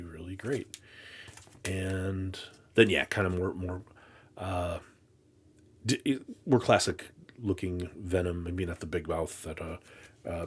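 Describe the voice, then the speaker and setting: Low-voiced man rambling through an unboxing. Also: slightly rough. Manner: rambling, halting, many restarts; exasperated, self-mocking. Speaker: comic collector vlogger. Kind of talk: casual unboxing chat.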